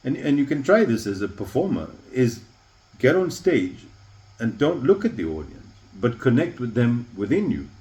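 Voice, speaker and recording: A man's voice: mid-range voice, very animated, normal speed, a little mellow, low-quality recording. A man, a leadership coach, explaining ideas thoughtfully in an interview and acting out short example lines. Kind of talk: reflective interview conversation.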